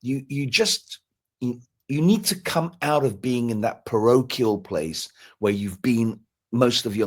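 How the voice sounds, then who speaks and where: Husky, animated motivational man. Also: mid-range voice. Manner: earnest, motivational, repeats words when excited. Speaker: guest speaker. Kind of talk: live stream conversation.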